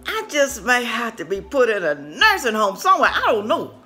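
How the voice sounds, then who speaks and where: A woman's voice: fairly high pitch, big pitch swings, normal speed, bright, forceful tone. An older woman who hosts a cooking channel, chatting casually with viewers while she walks through the craft room in her home. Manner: chatty, talks to viewers as "y'all". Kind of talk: casual home-tour vlog chat. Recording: echoey room with faint music.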